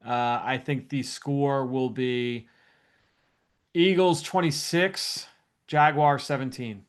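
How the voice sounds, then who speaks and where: A man's voice: mid-range voice, slow pace, smooth. A man co-hosting a sports podcast, laid-back with short, easygoing replies. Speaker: podcast co-host. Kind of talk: casual sports podcast chat.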